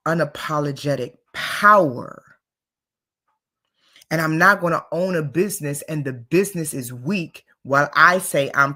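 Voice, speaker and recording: A woman's voice: low-pitched, husky. Self-assured woman business coach, emphatic motivational delivery. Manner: emphatic and self-assured, shifts between loud and soft. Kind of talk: motivational talk.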